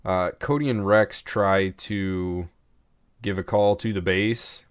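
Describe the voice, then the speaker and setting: A man with a lowish, smooth voice co-hosting a casual podcast, swearing freely as he recaps scenes and acts out lines. He is close on the mic in a dry space with no echo. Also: fairly even intonation, takes it slowly. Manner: swears a lot, retells scenes with acted-out lines. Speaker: podcast co-host. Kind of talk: casual chat.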